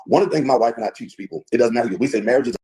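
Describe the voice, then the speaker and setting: A man's voice: medium pitch, racing, warm tone, low-quality recording. A man speaking in reflective, conversational podcast talk.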